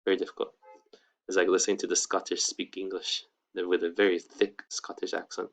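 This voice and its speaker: A young man in his twenties gives a relaxed online language lesson and keeps saying "all right, cool" between points. His voice sits on the low side. The recording sounds slightly dull and lo-fi. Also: a little fast. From United States. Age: 20s. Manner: casual, upbeat, peppered with "all right, cool". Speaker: Spanish teacher.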